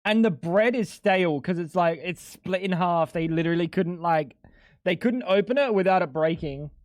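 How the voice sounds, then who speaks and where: High-voiced animated young man streaming. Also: moderate pace, no room sound, studio quality. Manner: animated, swearing, laughing a lot. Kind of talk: casual live-stream chat.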